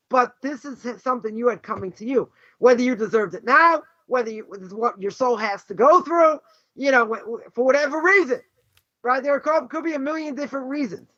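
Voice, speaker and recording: A Boston man with an extremely high, sharp voice teaches a lively Torah class as a rabbi, speaking a little fast. He's emphatic, throws out rhetorical questions, and keeps saying "right?" and "you know." The recording is dry with no echo, dull and lo-fi.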